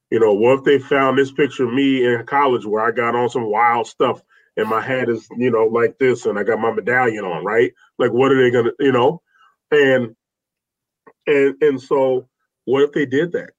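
A man's voice: mid-range voice, normal speed. Heartfelt rambling man, muffled sound. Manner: heartfelt, rambling with restarts, says "man" often. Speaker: guest. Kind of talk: earnest personal storytelling. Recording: slightly dull lo-fi sound.

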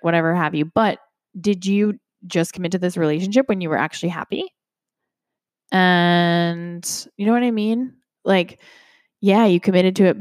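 Woman podcast host, yoga teacher, casual self-help chat, candid and sweary, lowish voice, dry close sound. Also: a little mellow, no room sound. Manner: candid, swears freely, many restarts and fillers.

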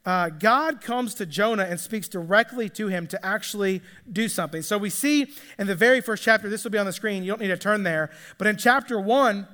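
A man's voice: high-pitched, a little fast, hardly any pauses, pushed and bright, big-room sound. A man preaching a sermon, retelling a story in a casual, conversational way and acting out the characters' lines. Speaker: pastor.

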